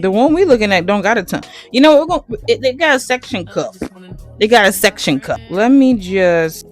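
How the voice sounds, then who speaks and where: Blunt, animated woman vlogger. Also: medium pitch. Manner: blunt and profane, reacts out loud, stumbles over words. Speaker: vlogger reviewing products. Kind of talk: casual, unscripted review chat. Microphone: phone.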